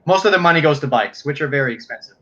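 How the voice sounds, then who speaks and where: A man chatting casually as a guest on a livestream, relaxed and rambling, often trailing off. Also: fairly high pitch, rapid-fire, dull audio. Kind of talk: casual chat.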